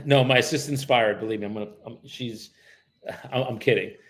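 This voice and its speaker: A man's voice: medium pitch, moderate pace, a bit bright. A man from the United States, a real estate agent, making cold calls and chatting casually between them, profane and joking. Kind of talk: livestreamed cold calling with running commentary.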